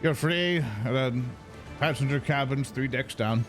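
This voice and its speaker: A man's voice: mid-range voice, measured pace, a bit bright, lightly acted. A man voicing a brusque male dock official who questions passengers at a gangplank. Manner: curt questioning, turns flirty with a lady. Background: background music.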